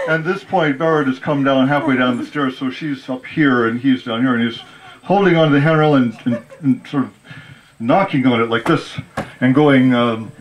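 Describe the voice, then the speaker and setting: A man's voice: mid-range voice, normal speed, rough recording. A man telling a funny family story at a memorial, laughing often as he goes. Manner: lively, amused, laughing through the story. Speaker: speaker at a memorial. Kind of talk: storytelling eulogy.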